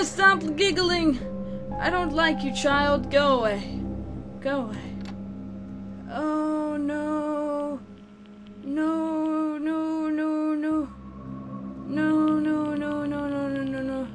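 A woman playing a horror game and reacting aloud, jumpy and frightened, talking to what she sees. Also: sits high. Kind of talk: let's play commentary. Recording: loud game music behind.

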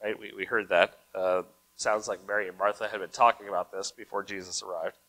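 Bright-voiced man preaching a sermon. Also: on the low side, level tone, fairly quick, low-quality recording. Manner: conversational preaching with frequent "right?" asides; reads scripture aloud, then comments on it. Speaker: pastor.

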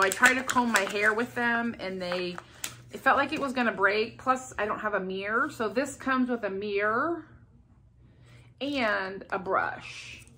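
A woman's voice: medium pitch, pushed and bright, slight background noise. A woman chatting casually at home about her shopping haul, rambling and upbeat. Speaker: haul vlogger. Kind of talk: casual chat. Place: home with a bay window.

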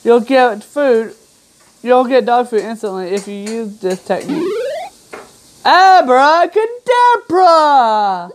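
A woman playing a video game and narrating as she goes, reading the on-screen text aloud in a somewhat high voice. She talks in an easy, offhand way and drifts into asides. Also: measured pace, a little mellow. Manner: chatty and offhand, trailing into asides. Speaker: gamer.

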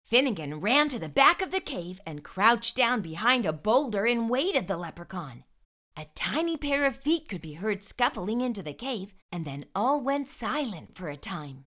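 A woman hosting a children's storytime, reading a picture book aloud in an expressive, animated way. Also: mid-range voice, moderate pace. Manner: warm expressive read-aloud. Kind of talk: read-aloud storytelling for kids.

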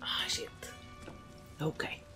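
A woman's voice: slow, whispered. A woman casually commenting while playing a video game, laughing often and swearing freely. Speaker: gameplay streamer. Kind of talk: casual let's-play commentary. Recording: game music behind voice.

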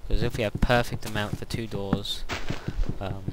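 Sleepy guy rambling through a game, lots of ums, lowish voice, noisy home mic. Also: little pitch movement, normal speed. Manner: rambling and hesitant, many fillers. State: sleepy, yawning. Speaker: gameplay commentator. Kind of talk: casual gameplay commentary.

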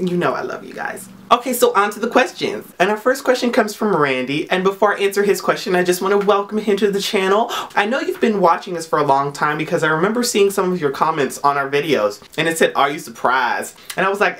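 A young man in a casual question-and-answer vlog, talking in a sassy, profane and very expressive way, with big swings in pitch for emphasis. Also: fast talker, hardly any pauses. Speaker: vlogger.

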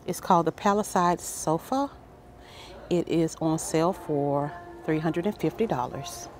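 A woman filming a casual walkthrough of a furniture store on her phone, excitedly reading out sale prices and chatting to her viewers. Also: deep voice, a little slow, faint music behind. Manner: excited, reads prices aloud, addresses viewers as guys. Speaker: shopping vlogger. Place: large furniture store, indoors.

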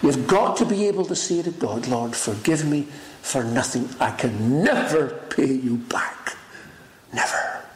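A man preaching a sermon in an emphatic, dramatic style, swinging between loud rises and hushed lines. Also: medium pitch, expressive, unhurried, hardly any pauses. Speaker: pastor. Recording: echoey room with faint noise.

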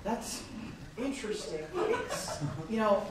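A woman's voice: a little high, wildly swooping pitch, slow. A woman performing live improv comedy, hesitant and politely awkward. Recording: echoey hall from far off, loud noise.

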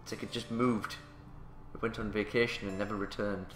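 A man's voice: lowish voice, little pitch movement, brisk, roomy sound, soft background music. A man casually commentating a game, playful and jokey, swearing and reacting as he plays. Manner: playful, jokey, swears, does silly voices. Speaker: let's play host.

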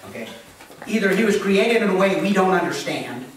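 A man with a high, very animated voice preaches a sermon in church, talking a little fast over slight background noise. He's a plainspoken pastor who keeps checking in with his congregation, and the audio is echoey, picked up from a distance in the church hall.

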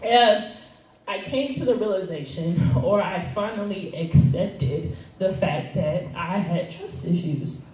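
A woman gives a casual sermon, chatty and self-deprecating, with laughs sprinkled through. She speaks at an unhurried pace, heard from a distance. The church hall rings with heavy echo. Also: on the low side, darkish tone, slight background noise. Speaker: guest speaker. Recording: echoey hall, recorded from afar.

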